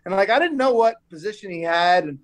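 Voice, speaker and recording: A man guesting on a podcast, spinning a loose, rambling story in a relaxed, slangy way. His voice sits a touch higher than most men's, and he leans on "like" and "dude" and repeats words as he goes. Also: quick pace. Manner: laid-back and slangy, full of "like" and "dude". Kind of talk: casual podcast chat.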